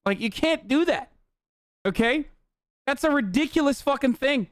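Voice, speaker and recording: A young man of Turkish origin, hosting a live stream with profane, animated ranting commentary. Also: very high voice, normal speed, long pauses, dry recording, studio quality. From Turkey.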